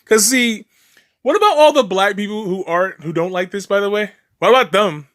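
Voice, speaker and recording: A man's voice: sits high, a little fast, a bit bright. A man doing a reaction commentary, profane, sarcastic and mocking, rambling with restarts and laughs.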